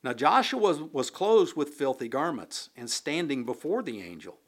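A man preaching a sermon, reading scripture and explaining it in a deliberate, unhurried way with occasional fillers. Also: fairly high pitch, sing-song. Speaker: pastor.

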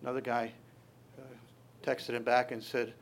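A man's voice: mid-range voice, level tone, moderate pace, heavy background noise. A man preaching a sermon, quoting scripture and talking to his congregation in a conversational way, often restarting his sentences. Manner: conversational, quotes scripture and acts out voices in passing; frequent restarts and stammers.

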